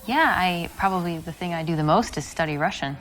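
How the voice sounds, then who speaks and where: An actress playing a young American woman on a date in a video game, answering in short, relaxed replies with an American accent. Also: lowish voice, a little fast, faint music behind, close to an everyday voice, rough recording. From United States.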